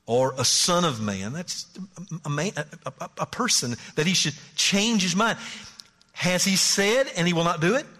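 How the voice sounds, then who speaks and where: A male pastor preaching a sermon in an emphatic way, repeating words and dropping into quiet asides. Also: on the high side, in a large hall.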